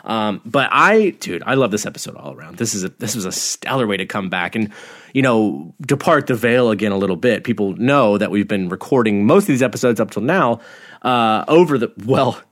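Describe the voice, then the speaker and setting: A man co-hosting a podcast, chatting casually and excitedly about a TV episode, laughing often and swearing freely. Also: lowish voice, a little fast. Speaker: podcast co-host. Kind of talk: casual TV rewatch podcast chat.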